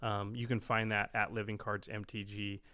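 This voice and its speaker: A man's voice: on the low side, little pitch movement, normal speed, bright, forceful tone. A man co-hosting a podcast about a card game, chatting casually with his co-host and often trailing off with fillers. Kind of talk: casual chat.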